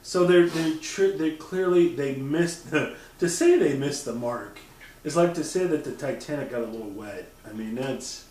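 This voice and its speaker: Animated, profane man in a roomy room. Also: on the high side, normal speed, far from the mic, slight background noise. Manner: animated, profane, mimics voices. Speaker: podcast co-host. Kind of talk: casual chat. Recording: roomy, off-mic sound.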